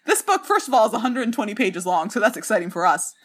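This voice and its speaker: A woman's voice: medium pitch, sing-song. A woman co-hosting a podcast remotely, chatting casually with jokey asides. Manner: bubbly, jokey, fast asides. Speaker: podcast co-host. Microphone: remote recording, separate apartments.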